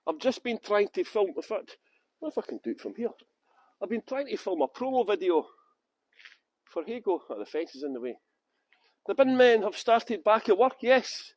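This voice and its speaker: With no room sound, a very animated man whose voice sits high speaks at a moderate pace, pausing often, as he guides a live-streamed walking tour through city streets outdoors. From Halifax in West Yorkshire, England, he chats and jokes with viewers by name.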